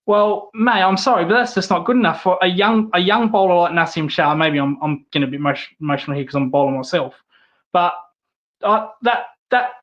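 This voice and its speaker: Aussie bloke on a podcast, high voice, fired up and blunt, says things twice. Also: male voice, fairly quick, a bit bright, muffled recording. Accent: Australian. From Australia. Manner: heated, blunt, repeats himself when riled. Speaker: podcast guest, cricket fan. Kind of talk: casual podcast chat.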